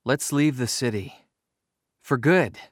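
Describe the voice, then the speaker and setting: A man's voice: on the high side, animated, measured pace, a bit bright, dry recording, clean studio sound, voice pushed up. A man voicing a determined runaway boy who leads his friend and speaks firmly and urgently in a storybook reading.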